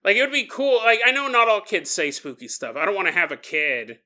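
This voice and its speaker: A man hosting a podcast, telling a creepy story in a casual, animated way, laughing often and jumping into quick kid voices. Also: high voice. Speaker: podcast host.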